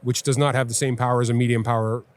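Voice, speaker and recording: A man, a well-known angler and TV host, talking in a casual live podcast chat with an animated, emphatic, instructive way of telling stories. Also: mid-range voice, fast talker. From Canada. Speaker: guest angler and TV personality. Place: busy fishing trade show floor.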